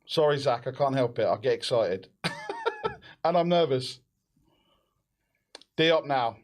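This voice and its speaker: A young man hosting a live football watch-along, excitable and shouting encouragement. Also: medium pitch, a little slow.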